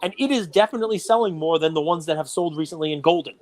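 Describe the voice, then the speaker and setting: A man's voice: a little high, very fast. A middle-aged man co-hosting a podcast, chatting casually and getting worked up as he rants. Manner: animated, gets worked up and ranty. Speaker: podcast co-host. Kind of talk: casual chat.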